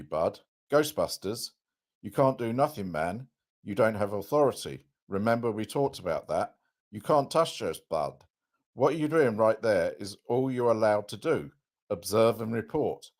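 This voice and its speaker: A man reading aloud and acting out a furious man yelling abusive insults at a police officer. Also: fairly low pitch, voice pushed up, close to an everyday voice. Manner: shouting, abusive, rapid-fire insults.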